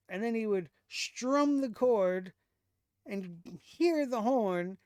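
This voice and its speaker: Man, fairly high voice, sarcastic, exasperated, casual recap host, dry close sound. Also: animated, takes it slowly, darkish tone, smooth, no echo. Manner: sarcastic, exasperated ranting with laughs. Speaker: wrestling show host.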